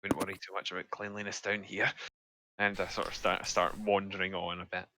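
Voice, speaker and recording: A man's voice: low-pitched, little pitch movement, a little fast, sharp tone, a little hiss or hum. A man playing a tabletop game, speaking hesitantly with restarts. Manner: hesitant, stammering. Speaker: player.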